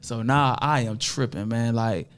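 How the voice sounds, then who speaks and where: A podcast guest from Toledo, Ohio tells a story in casual, profane street slang, speaking in an unhurried, clean, mid-range voice. He's animated and acts out other people's lines in their voices.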